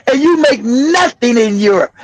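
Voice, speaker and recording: A man's voice: very high-pitched, animated, unhurried, low-quality recording. A man hosting a political commentary livestream, talking bluntly and profanely and laughing often. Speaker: livestream host.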